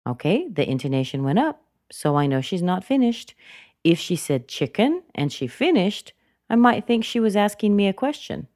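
A slightly mellow, sing-song woman's voice at medium pitch and normal speed comes through clean studio sound without echo. She's patiently teaching English pronunciation slowly, repeating words to show how intonation goes up and down.

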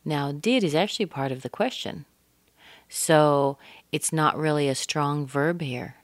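A woman teaching English pronunciation, speaking deliberately and modeling words with exaggerated stress. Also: low voice, no room sound. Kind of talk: pronunciation lesson.

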